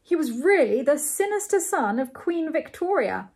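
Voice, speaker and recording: A woman voicing a bashful, proud young gentleman host in a storybook reading, with a raised, eager, slightly pompous delivery. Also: extremely high pitch, sing-song, moderate pace, pitched above the performer's own voice, full character voice.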